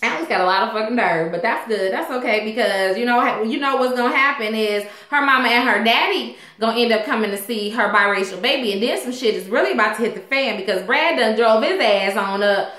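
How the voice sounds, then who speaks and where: A chatty woman recaps a TV episode in a casual, animated way and acts out the characters as she goes. She is a little tipsy, and her voice sits high and sounds bright and sharp. The room around her is noticeably echoey. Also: a little fast, few pauses. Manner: chatty, animated, loud quoting of characters, frequent laughs. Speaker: TV recap host.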